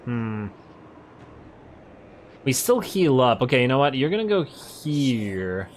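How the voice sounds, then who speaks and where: A man of middle pitch talks through his strategy game turns, thinking aloud and correcting himself. He is excitable and quick to laugh. A faint noise sits under the voice. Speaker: let's play host. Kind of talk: casual gameplay commentary.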